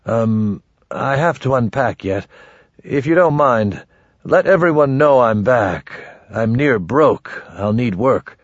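A man voicing a weary, secretive older man who speaks in gruff, terse mutters, on a dull lo-fi audiobook recording. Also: mid-range voice, lively intonation, takes it slowly, no echo.

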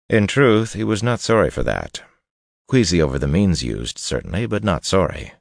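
Male narrator, audiobook reading, very low voice, steady, dry close mic. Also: normal speed, gravelly, no echo.

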